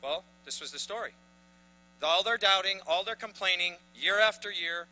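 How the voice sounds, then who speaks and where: A man's voice: high voice, fairly quick, pushed and bright, soft background music, low-quality recording. A man preaching a sermon to his congregation, building to emphatic bursts. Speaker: pastor.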